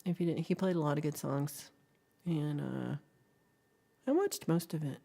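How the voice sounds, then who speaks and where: A woman's voice: low-pitched, moderate pace, vocal fry, warm tone. A woman hosting a casual livestream chat, playful and giggly, now and then dropping into whispers as she talks to her viewers. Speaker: livestream host.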